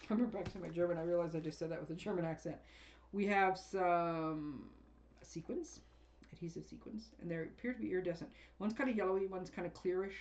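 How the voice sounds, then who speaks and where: A woman's voice: lowish voice, a little mellow, muffled recording. A woman craft demonstrator chatting casually as she unboxes and sorts a paper craft kit, rambling and often laughing.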